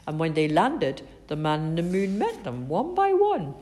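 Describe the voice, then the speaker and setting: A woman reading a children's story aloud in an expressive, sing-song way. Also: on the low side, normal speed.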